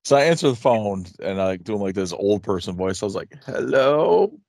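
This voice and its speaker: A man's voice: deep voice, quick pace, darkish tone, no echo, clean studio sound. A man co-hosting a podcast in casual chat, a rambling storyteller who likes crude jokes. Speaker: podcast co-host.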